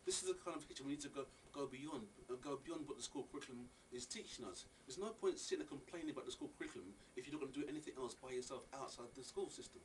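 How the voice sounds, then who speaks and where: A man's voice: mid-range voice, very fast, hardly any pauses. A man, a parent who helps at a Saturday school, answering interview questions earnestly, with frequent restarts. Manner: earnest, animated, with many restarts. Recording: distant mic with faint ambient noise.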